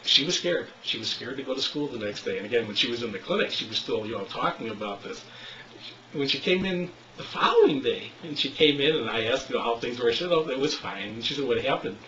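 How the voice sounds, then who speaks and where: A man leading a smoking cessation clinic, telling a story in an animated way and acting out the quotes. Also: mid-range voice, fast. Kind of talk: storytelling lecture. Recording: roomy, distant, slightly dull recording.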